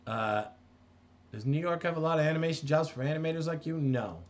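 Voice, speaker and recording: Brisk and on the high side, this man's voice belongs to a middle-aged New Jersey animator casually live streaming as he works. He rambles, interrupts himself mid-thought, and reads viewer comments aloud.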